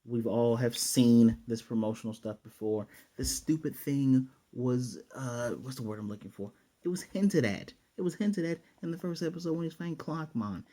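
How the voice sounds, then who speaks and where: Sarcastic man with a mellow voice. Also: medium pitch. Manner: sarcastic, mocking, rambling with restarts. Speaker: anime reviewer. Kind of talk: casual episode recap and review.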